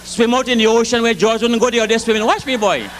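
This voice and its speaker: Male storyteller, animated rhythmic delivery, high-pitched, light noise floor. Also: quick pace. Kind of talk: live comic storytelling.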